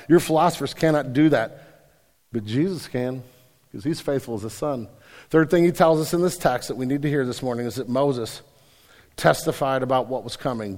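A man preaching a sermon, talking in a casual, storytelling way and rising to forceful emphasis. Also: fairly high pitch. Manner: conversational preaching with anecdotes, builds to forceful emphasis. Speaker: pastor. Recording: long reverb of a large hall.

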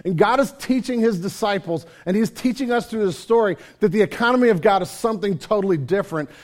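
A man preaching a sermon, telling a parable with animated storytelling and acting out the characters. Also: high-pitched, quick pace. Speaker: pastor.

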